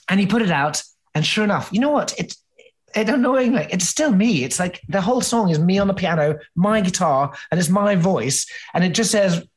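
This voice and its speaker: A man's voice: high-pitched, lively intonation, a little fast. A man hosting a podcast, telling a self-mocking story in a chatty way, with many fillers and restarts. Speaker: podcast host. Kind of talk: casual storytelling.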